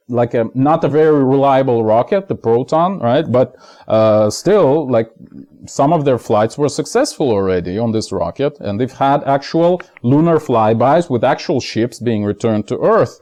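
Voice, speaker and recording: A man's voice: mid-range voice, lively intonation, a little slow, dark tone. Man in a rambling spoken monologue. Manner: rambling, frequent fillers and asides to viewers. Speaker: video essayist. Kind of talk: casual explanatory monologue.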